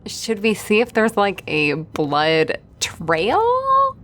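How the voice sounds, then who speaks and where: A woman playing in a tabletop game, squeamish and giggly, tossing in quick asides. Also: medium pitch, wildly swooping pitch, fairly bright tone. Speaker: player. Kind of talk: casual tabletop role-play banter.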